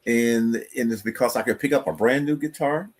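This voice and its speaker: A man's voice: medium pitch, brisk, breathy edge. A man from North Carolina, a guest guitarist with a North Carolina accent, answering interview questions in an easygoing, thoughtful way.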